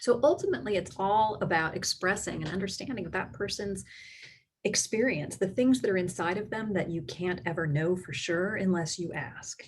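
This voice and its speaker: A woman's voice: on the low side, slight background noise. A middle-aged woman, a clinical psychologist, giving an educational talk to parents and explaining her points step by step. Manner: explains step by step, acting out quoted voices for examples.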